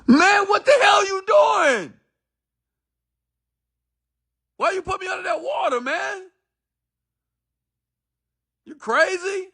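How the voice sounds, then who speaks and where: Storytelling bit: man putting on a high, panicked young guy, loud and ragged. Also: expressive, slow, full character voice. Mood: furious. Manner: high, frantic, shouting.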